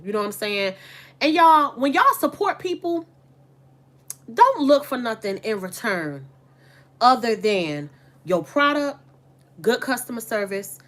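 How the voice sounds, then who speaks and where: A woman's voice: medium pitch, a bit bright. Woman vlogger, casual and candid, talks straight to her followers, mid-range voice. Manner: chatty, candid, addresses viewers as y'all. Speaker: online boutique owner and vlogger. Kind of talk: casual chat to camera.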